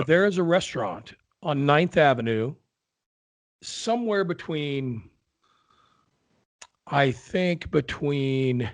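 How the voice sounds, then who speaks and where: Gravelly man rambling through jokes. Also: a little high. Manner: rambling, self-correcting storyteller. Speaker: podcast co-host. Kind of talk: casual joke-telling chat.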